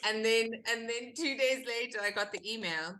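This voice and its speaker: Actress, guest on a chat podcast; animated storyteller, bright clear tone. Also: female voice, a little high, moderate pace, slight background noise. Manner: animated storytelling, acts out quoted exchanges. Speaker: actor guest. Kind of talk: casual interview chat.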